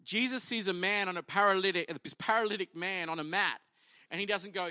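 A man delivering a sermon in a slightly high, forceful and bright voice. He tells the story in a casual, humorous way and acts out each person in it. The sound is dry and close, with no room around it. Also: fairly quick, clean tone, no room sound. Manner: animated storytelling, acting out the people in the story; conversational and humorous. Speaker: pastor.

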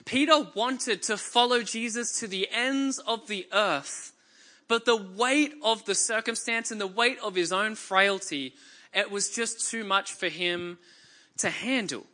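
Bright-voiced Australian preacher. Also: male voice, high-pitched, a little slow. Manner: conversational and joking, reads scripture dramatically. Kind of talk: sermon. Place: church before a congregation.

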